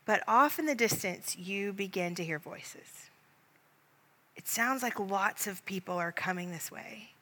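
Calm woman leading a guided prayer. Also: medium pitch, measured pace, big-room sound. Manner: gentle, calm, speaks to the listener as "you". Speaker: prayer leader. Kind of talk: guided Christian imaginative prayer meditation.

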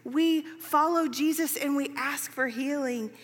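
A woman's voice: sits high, a little slow, long reverb tail. A woman preaching a sermon in a chatty storytelling way, with many fillers.

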